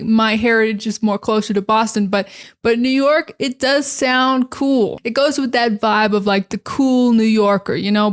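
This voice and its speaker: A chatty woman with a General American accent explains pronunciation in a relaxed teaching vlog. Her voice sits a little on the high side. She keeps saying "like" and repeats single words over and over to demonstrate sounds. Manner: frequent "like" fillers. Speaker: English teacher. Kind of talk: casual educational vlog.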